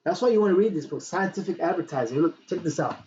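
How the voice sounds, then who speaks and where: A man with a slightly high voice talks fast in a casual on-camera affiliate marketing tutorial, chatty and repetitive, asking "right?" over and over. He's animated, reaching around for books as he speaks, and the lo-fi audio sounds dull with faint background noise.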